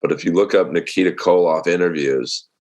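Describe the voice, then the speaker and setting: A man with a deep voice, a stand-up comedian telling stories as a guest in a casual interview. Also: fairly quick. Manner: relaxed storytelling with many fillers.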